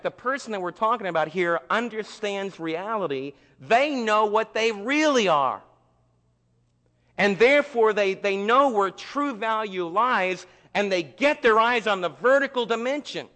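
A man preaching a sermon, swinging from near shouts to hushed tones and acting out the voices of churchgoers. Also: sits high, lively intonation, moderate pace. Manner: acts out quoted voices of churchgoers. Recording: long hall reverb.

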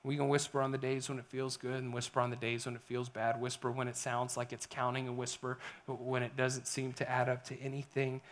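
A middle-aged man preaching a sermon as a pastor, animated, swinging between loud emphasis and hushed whispers. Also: mid-range voice, brisk, few pauses.

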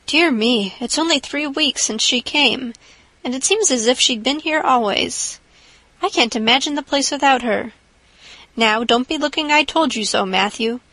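A stern, practical older woman with a brisk, clipped and scolding way of talking, as a woman reads her. The voice is fairly high and dry, close to the mic. It comes from an audiobook. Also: sharp tone, dry recording, exaggerated voice, poor audio. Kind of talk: audiobook character reading.

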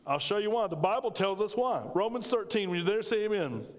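A man's voice: high-pitched, lively intonation, fairly quick, long reverb tail. A man, a pastor preaching an emphatic, conversational sermon that calls out to his congregation. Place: church sanctuary.

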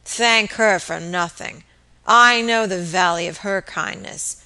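A woman reading an audiobook, voicing a surly drunken male innkeeper with a thick, slurred voice and rough dialect. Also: medium pitch, slow, sharp tone. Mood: drunken sneer. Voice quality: thick, slurred, muffled with drink. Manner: growling, sneering, rough dialect.

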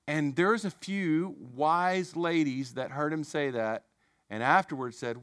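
A man preaching a sermon, telling a story in a conversational, animated way with self-deprecating asides. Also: fairly high pitch, unhurried, clean tone, dry recording, studio quality.

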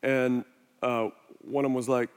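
A middle-aged man, a pastor on a body mic, preaching a sermon in a relaxed, conversational way and telling stories against himself. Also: mid-range voice, a little slow, a little hiss or hum. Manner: conversational, self-deprecating storytelling. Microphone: wireless body mic. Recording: long hall reverb.

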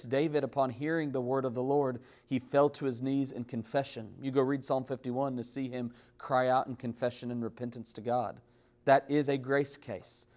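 A man's voice: mid-range voice, a little mellow. A man preaching a sermon, emphatic, with big swings in volume and pace as he builds and drops his points. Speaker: pastor.

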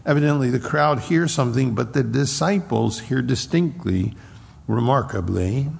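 Gravelly preacher in a reverberant hall. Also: male voice, medium pitch, darkish tone. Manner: slow deliberate Bible exposition with emphatic stresses. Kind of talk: expository sermon.

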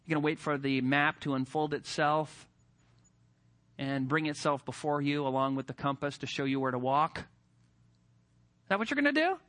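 A male preacher giving a sermon with animated emphasis and rhetorical questions. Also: a little high, normal speed, long pauses.

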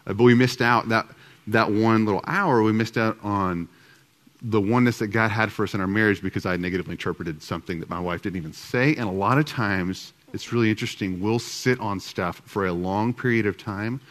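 A man's voice: fairly low pitch, a little fast, fairly bright tone. A middle-aged man teaching a group about marriage alongside his wife, talking casually and self-deprecatingly with many fillers and restarts. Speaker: husband co-presenting with his wife.

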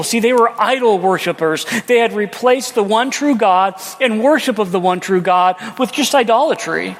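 A man with a high voice preaches a sermon and tells the story dramatically, acting out the lines of its characters. His words ring out with a long reverb, as if in a large church. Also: animated, moderate pace, hardly any pauses. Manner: dramatic storytelling, acting out quotes, rhetorical questions. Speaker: pastor.

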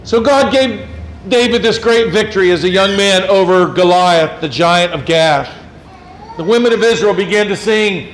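A man preaching a sermon in an animated way, acting out quotes and tossing in rhetorical asides. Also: high-pitched, normal speed. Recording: roomy hall, faint room noise.

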